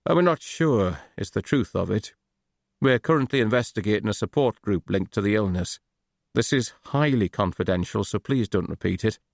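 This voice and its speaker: An earnest police detective who questions in a measured, probing way, as an audiobook narrator puts him on. The voice is gravelly and dry, sitting somewhat above the reader's low register. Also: male voice, expressive, no echo.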